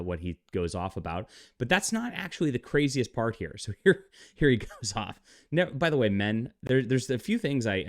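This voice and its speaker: A man with a fairly low voice delivers a heated commentary rant, mocking and scoffing as he goes. He rambles, restarting his sentences with frequent "uh"s. The recording is dry and close, with no room sound. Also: no echo. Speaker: channel host and comic commentator. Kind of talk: ranting commentary vlog.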